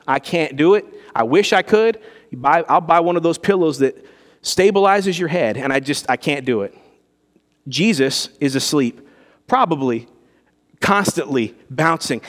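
Man preaching in a reverberant hall. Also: a little high. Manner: expository preaching, rhetorical questions to the congregation. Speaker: pastor. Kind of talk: sermon.

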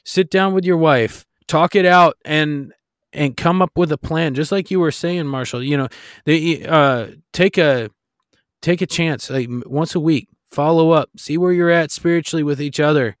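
Earnest, exhorting man with a higher voice. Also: normal speed, no echo, studio quality. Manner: earnest and exhorting, with frequent restarts. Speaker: podcast co-host. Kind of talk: faith-based podcast talk.

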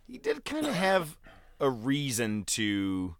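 A man's voice: mid-range voice, wildly swooping pitch, slow, no echo. A man co-hosting a casual chat, joking and retelling moments with animation. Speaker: podcast co-host.

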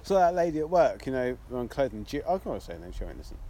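A man's voice: mid-range voice, big pitch swings, quick pace, mellow, a little hiss or hum. A man with a southern English accent, co-hosting a podcast outdoors, chatting in a sweary, laughing way. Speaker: podcast co-host. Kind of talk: casual chat. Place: outdoors in the evening.

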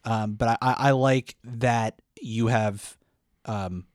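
A young man hosting a casual podcast, mid-pitched and relaxed. He gets animated when he tells stories and laughs easily. The sound is dry and close, with no room around it. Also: takes it slowly, no echo. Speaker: podcast host. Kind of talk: casual conversational interview.

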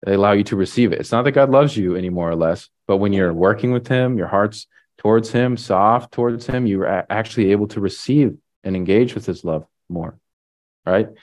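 A man preaching a sermon in a relaxed, conversational way, often tagging on "right?" and pausing with fillers. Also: fairly low pitch. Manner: halting restarts and fillers. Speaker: pastor.

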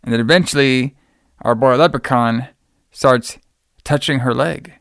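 A man co-hosting a casual movie recap podcast, joking and swearing a lot, and acting out characters in a high voice. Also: a little slow, gravelly, fairly bright tone, dry recording, studio quality. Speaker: podcast host.

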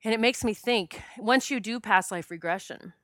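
Earnest woman with smooth, dry voice. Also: fairly high pitch, normal speed, dry recording. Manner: earnest, emotional, many fillers and restarts. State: choked up at times. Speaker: past life regression specialist. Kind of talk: personal storytelling monologue.

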